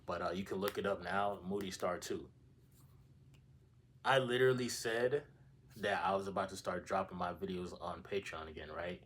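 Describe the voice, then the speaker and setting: A young man telling a dream story on his own channel in a loose, casual style. His voice sits a little low, and he rambles in slang with plenty of swearing. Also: fairly even intonation, normal speed, fairly bright tone. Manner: slangy, profane, rambling retelling. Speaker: channel host.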